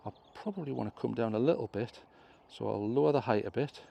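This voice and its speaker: Guy on a hill, mellow voice, rambling through drone settings, bit of a cough. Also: mid-range voice, quick pace, creaky. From England. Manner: chatty step-by-step explaining, self-correcting. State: clearing his throat, slight cough. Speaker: drone vlogger. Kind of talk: casual tutorial commentary. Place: outdoors on a hill.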